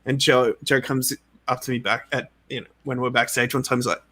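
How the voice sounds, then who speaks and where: A man, a game creator being interviewed, telling stories in a casual, animated way, laughing often and saying "like" a lot. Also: mid-range voice, a little fast. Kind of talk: casual storytelling.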